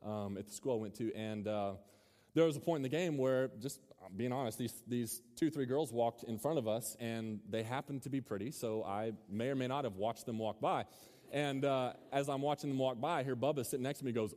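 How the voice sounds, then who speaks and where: Speaking briskly in a mid-range, slightly mellow voice, a young man preaches to students in a large hall with a live audience. His sermon is casual and full of jokes, and he quizzes the crowd along the way. Hall reverb colors the sound.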